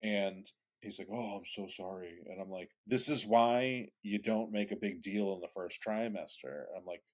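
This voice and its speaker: A man's voice: on the low side, moderate pace. A man co-hosting a podcast, telling a rambling casual story with many restarts and some swearing. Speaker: podcast co-host.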